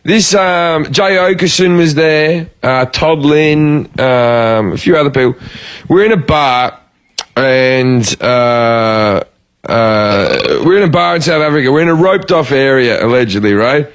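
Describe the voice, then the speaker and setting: An Australian comedian spins a crude anecdote in loose podcast chat, swearing freely and acting out each quoted line. His voice sits at an ordinary middle pitch for a man. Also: measured pace. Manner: profane, animated, acts out quoted lines. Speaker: comedian telling a story. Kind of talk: casual podcast storytelling.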